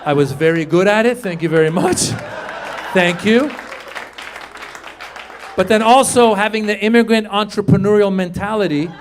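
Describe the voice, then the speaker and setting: Animated male stand-up comedian, live crowd. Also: normal speed, long pauses, slight background noise. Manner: animated storytelling, acts out high squeaky voices. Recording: live stage mic, audience laughter. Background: audience laughter and room ambience.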